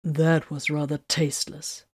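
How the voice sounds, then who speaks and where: A woman's voice: deep voice, level tone, measured pace, husky, no echo, studio quality. A woman reading the part of a sarcastic male space warrior with an ironic edge.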